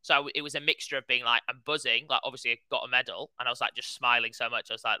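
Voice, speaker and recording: A man's voice: medium pitch, very fast, clean tone, rough recording. A man in his twenties, a podcast co-host, telling a story in casual chat and filling it with "like". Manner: animated storytelling, heavy use of "like".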